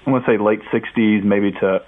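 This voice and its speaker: A man guest on a radio interview, telling a story in a casual, animated way and acting out the quotes. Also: lowish voice, normal speed. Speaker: author and guest. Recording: tinny phone line.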